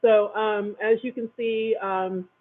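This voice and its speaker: A man presenting a budget report at a school board meeting, reading out figures with frequent halting pauses, captured on a tinny, phone-like recording. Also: sits high, little pitch movement.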